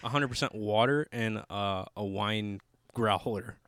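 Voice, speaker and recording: A man's voice: on the low side, a little slow, fairly bright tone, dry recording, clean studio sound. A young man hosting a podcast, bantering casually with fillers and swearing. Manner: joking, profane, loose with fillers. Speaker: podcast host.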